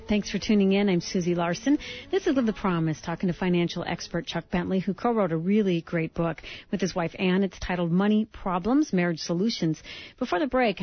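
A woman hosts a faith-based radio interview, eager and encouraging as she leads her guest. Her voice sits a little low. The broadcast sound is dull and lo-fi. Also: no echo. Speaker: radio talk show host.

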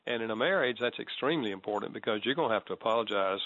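A man talks through his ideas in a measured, teaching way, voicing example apologies as he goes. The sound is dry and a little dull, with no room echo. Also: lowish voice, expressive, a bit bright. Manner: measured, explanatory, acts out sample apologies. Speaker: guest author on apology. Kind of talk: conversational teaching.

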